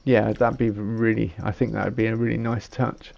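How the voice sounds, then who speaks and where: A man's voice: on the low side, flat delivery, moderate pace, gravelly, darkish tone, dull audio. A man, giving casual gameplay commentary and rambling as he thinks aloud while building. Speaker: gamer.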